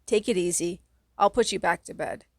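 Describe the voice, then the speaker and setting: A woman voicing the story's young kid hero, shouting urgently at attackers and soothing a little sister. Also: lowish voice, moderate pace, no room sound, studio quality, natural voice. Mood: calm.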